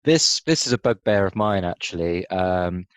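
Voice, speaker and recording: A man co-hosting a casual film podcast, wry and quick to laugh, who drifts into tangents. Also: deep voice, lively intonation, no echo. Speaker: podcast co-host.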